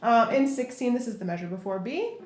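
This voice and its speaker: A woman's voice, on the high side with big pitch swings and a slightly fast pace, guides a viola tutorial, talking through bowing step by step between passages. Faint music plays behind her, and the loud viola echoes around the room.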